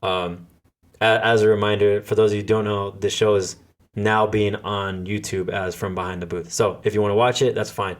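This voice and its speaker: A man's voice: fairly low pitch, level tone, normal speed. A man hosting a podcast, telling a story in a loose, casual way, swearing freely and stopping often to restart. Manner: profane, loose storytelling with many fillers and restarts. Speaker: podcast host and DJ.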